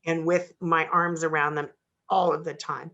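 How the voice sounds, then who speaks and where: A woman's voice: low-pitched, little pitch movement, moderate pace, a bit bright, muffled recording. A woman hosting a radio interview, talking sincerely about her own dogs. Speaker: radio host.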